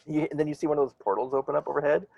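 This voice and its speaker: A man running a tabletop game as game master, narrating in a relaxed, halting way with lots of fillers. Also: on the high side, gravelly, highs cut off, a little hiss or hum.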